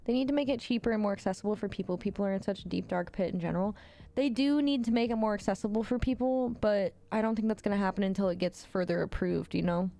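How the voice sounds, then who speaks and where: A woman's voice: medium pitch, quick pace, vocal fry, hardly any pauses, warm tone. Blunt, swearing woman streamer chatting. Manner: blunt, swears freely, laughs often. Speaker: livestreamer. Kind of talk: casual chat reading viewer messages.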